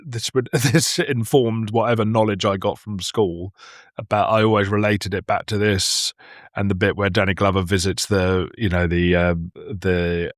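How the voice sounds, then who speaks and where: A man's voice: fairly low pitch, moderate pace, dry recording, clean studio sound. A man in his thirties co-hosting a podcast, playful and laughing as he talks about films. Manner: playful, laughing, animated asides. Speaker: podcast co-host. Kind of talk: casual film chat.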